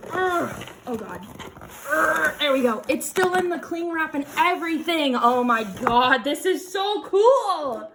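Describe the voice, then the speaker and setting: A young woman vlogging an unboxing in casual chat, gushing and excitable, repeating exclamations and laughing often. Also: high-pitched, background noise. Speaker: crafting vlogger.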